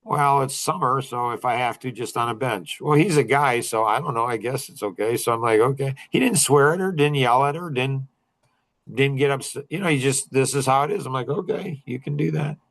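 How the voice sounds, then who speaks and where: A man's voice: mid-range voice, a little fast, fairly bright tone. Rambling middle-aged man mentoring a group. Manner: rambling, many restarts and fillers. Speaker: mentor leading a young men's group. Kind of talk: casual group talk.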